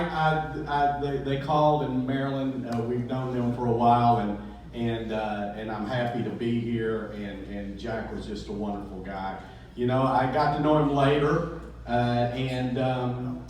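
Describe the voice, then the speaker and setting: A man's voice: mid-range voice, darkish tone, a little hiss or hum. Man telling jokes in an echoey hall. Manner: rambling, halting, with many restarts. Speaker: comedy club owner giving a eulogy. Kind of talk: storytelling jokes at a memorial. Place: memorial gathering hall. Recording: roomy echo, speaker far from the mic.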